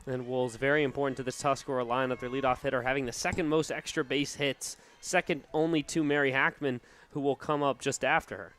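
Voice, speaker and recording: Man giving relaxed color commentary. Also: medium pitch, brisk, hardly any pauses. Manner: relaxed analytical color talk. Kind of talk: sports commentary.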